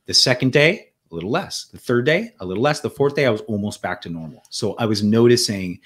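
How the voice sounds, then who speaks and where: A man's voice: on the low side, animated, fairly quick, fairly bright tone. A man guest in an interview, telling his own story in an earnest, reflective way, often restarting and repeating words. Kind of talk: conversational storytelling.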